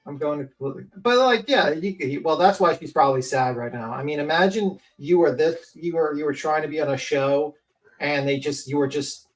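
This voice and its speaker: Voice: mid-range voice, normal speed, low-quality recording. Livestream panelist, casual commentary, profane, rambling, filler words. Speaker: panel guest.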